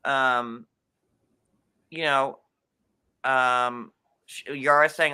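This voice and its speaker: A man from New York hosts a loose recap chat in a bright, forward voice. He rambles, leans on fillers and jumps up in pitch when he gets going. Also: expressive, normal speed. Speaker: podcast host.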